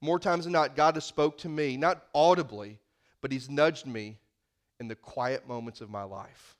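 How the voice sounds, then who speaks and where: High-voiced folksy male preacher. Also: a bit bright. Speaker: pastor. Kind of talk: sermon.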